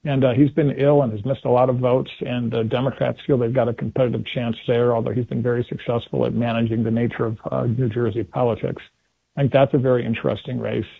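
Male political commentator calling in, husky voice, tinny phone line, animated and chatty. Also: mid-range voice, fast, no echo. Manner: animated, acts out quotes in put-on voices. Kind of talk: casual political talk on radio. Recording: phone-line call-in audio.

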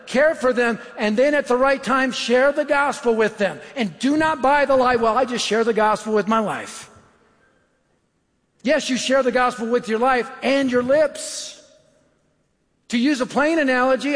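A middle-aged man preaching a sermon, animated and telling stories in acted voices. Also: very high voice. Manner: animated, acts out voices in anecdotes. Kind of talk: sermon with storytelling. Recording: long hall reverb.

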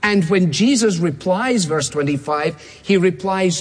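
A man preaching a sermon, emphatic, repeating key phrases and slowing down to stress words. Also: high voice, animated, breathy edge. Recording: long hall reverb.

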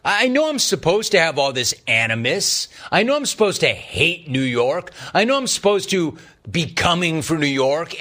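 A man hosting a sports talk radio show, fast and playful with callers. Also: a little high, bright, forceful tone.

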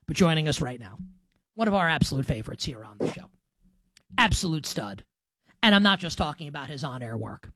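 A man in his thirties hosting a casual sports talk show, rambling and animated, full of "like" fillers. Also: fairly high pitch, a little fast, no echo. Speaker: podcast host.

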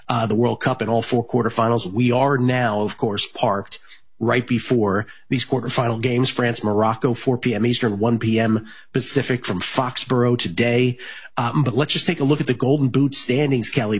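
A man with a husky, medium-pitched voice hosts a sports betting radio show. He talks casually and rambles, with many fillers and restarts.

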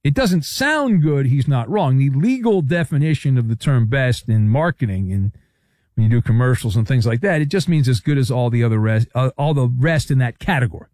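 A man's voice: medium pitch, animated, a little fast, darkish tone, no echo, clean studio sound. A man hosting a sports talk show, delivering a sarcastic monologue full of playful riffs and asides. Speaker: sports talk radio host.

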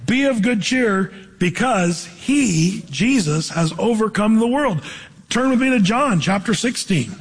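Husky high-voiced man preaching in reverb. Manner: animated preaching, quotes scripture and acts out voices. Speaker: pastor. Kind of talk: sermon.

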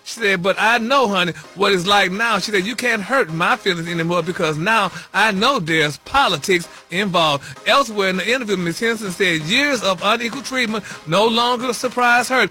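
A man's voice: high-pitched, moderate pace, hardly any pauses, pushed and bright, faint music behind. A man hosting a radio gossip segment, flamboyant and calling listeners honey and baby. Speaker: radio show gossip host.

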